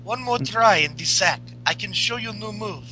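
Dude doing a big angry wrestler, broken english, high and strained. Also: male voice, lively intonation, moderate pace, sharp tone, slight background noise, heavily acted, poor audio. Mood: pleading. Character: hulking angry Bulgarian male wrestler on crutches, hot-tempered.

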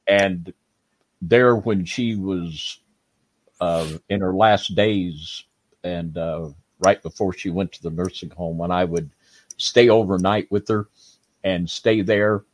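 A man earnestly sharing a memory at a prayer meeting, speaking slowly. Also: deep voice, steady tone, dry recording. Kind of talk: casual sharing.

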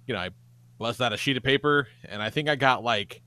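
A man co-hosting a casual podcast, cursing freely while telling an animated story. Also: medium pitch, brisk, clear, resonant tone, no room sound. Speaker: podcast co-host.

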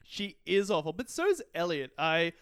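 Dude on a movie podcast, high voice, smooth and clear, dry jokes. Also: male voice, sing-song, normal speed, a bit bright. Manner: dry, wry commentary. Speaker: podcast co-host. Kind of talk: casual film review banter.

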